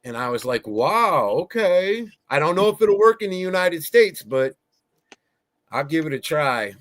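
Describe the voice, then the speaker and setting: A man hosting a casual podcast, telling stories in an animated, excitable way. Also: on the high side, moderate pace, dry recording. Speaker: podcast host.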